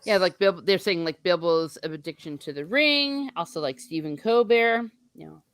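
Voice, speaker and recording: A woman's voice: lowish voice, animated, normal speed, no echo, studio quality. A woman hosting a casual book discussion, chatty and full of fillers as she reads chat comments aloud. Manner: chatty, lots of likes and laughs.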